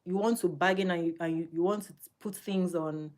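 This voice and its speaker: A middle-aged woman speaking as an interview guest, talking emphatically and laughing often, with her voice jumping high when she gets animated. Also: fairly quick. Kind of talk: emphatic casual interview talk.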